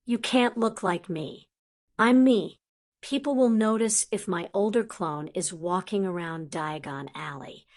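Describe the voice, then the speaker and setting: A woman's voice: medium pitch, measured pace, a little mellow, natural voice. A woman voicing a wary young male wizard who mutters dry remarks in an audiobook.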